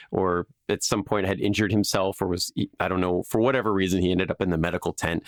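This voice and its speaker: Male podcast host, casual and meandering, lowish voice, dead-dry closet recording. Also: smooth, no echo. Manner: rambling, many filler words and restarts. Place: small closet.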